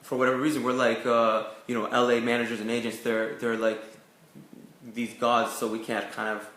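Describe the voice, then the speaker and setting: A man's voice: medium pitch, level tone, moderate pace, a bit bright, reverberant. A young man from Canada, an actor telling his career story in a casual interview, full of "like" and "you know". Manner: chatty, lots of "like" and "you know" fillers. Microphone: video call.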